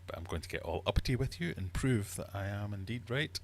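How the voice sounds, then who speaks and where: A man's voice: on the low side, expressive, brisk, vocal fry. A man hosting a live-streamed quiz from his fish room, reading questions and teasing the audience in a playful, mock-uppity way. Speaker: livestream host and quizmaster.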